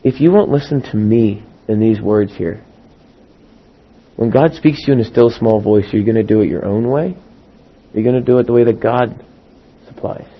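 A middle-aged man preaching a sermon as a pastor, acting out quoted voices and swinging from loud emphasis to hushed asides. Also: on the low side, moderate pace, long pauses, husky, highs cut off.

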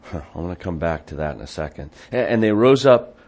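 A man's voice: low-pitched, lively intonation, fairly quick, creaky, darkish tone, dull audio. A man giving a sermon as a Bible teacher, conversational with frequent restarts and asides, reading scripture quotes in a raised, emphatic voice.

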